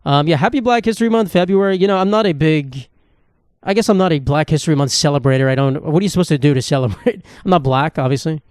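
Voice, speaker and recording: Podcast host, male, rambling and sarcastic, swears a lot, quick delivery with a slightly high voice, dry close sound. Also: darkish tone, smooth, no room sound. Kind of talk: casual solo comedy podcast monologue.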